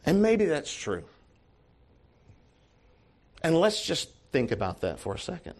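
A male pastor delivering a sermon in a high, bright-edged voice. He preaches with strong emphasis, moving between soft, close asides and loud, ringing calls. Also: huge pitch swings, measured pace. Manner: emphatic, swings from quiet asides to shouted calls.

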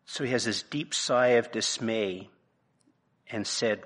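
A man preaching a sermon from his notes, emphatic, dropping to a hush and then rising to loud, pressing points. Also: on the low side, slow. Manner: emphatic, swings from hushed to loud.

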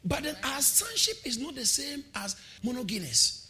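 A man preaching a sermon, exhorting listeners, repeating phrases and calling for shouts of response. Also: very high voice, big pitch swings, a little slow, a crowd in the background.

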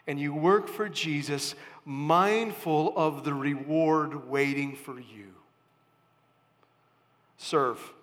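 High-voiced pastor preaching slowly in a hall. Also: male voice. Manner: slow, emphatic preaching with sudden rises and soft drops. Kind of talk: sermon.

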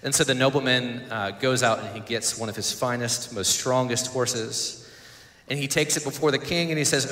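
A male pastor preaching a sermon in an earnest way, pausing and repeating words as he goes. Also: mid-range voice, a bit bright. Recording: echoey church hall.

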